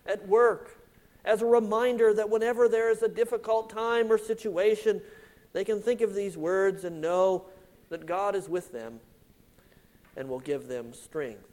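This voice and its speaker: A man preaching a sermon, slow and deliberate, stressing key words and letting phrase ends fall quiet. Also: high voice, steady tone. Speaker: pastor.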